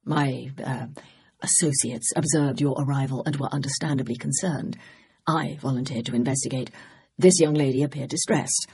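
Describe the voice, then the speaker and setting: A narrator voicing a discreet young male government agent who talks in a hushed, urgent whisper. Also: mid-range voice, moderate pace, breathy edge, voice pushed down.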